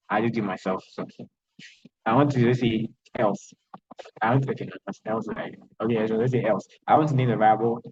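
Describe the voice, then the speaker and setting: A man with a Ghanaian accent teaches programming over an online call. His voice is husky, and the audio is dull and lo-fi. He talks haltingly, restarting and repeating words as he works through his screen. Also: medium pitch, a little mellow. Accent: Ghanaian English. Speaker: programming instructor. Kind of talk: online lecture with screen sharing.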